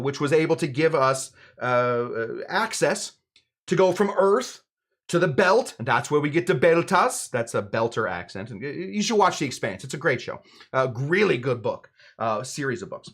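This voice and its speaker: A man's voice: on the high side, fairly bright tone. A young adult man hosting a live cocktail show in a casual, rambling, digressive way, often correcting himself as he talks. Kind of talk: casual livestream chat.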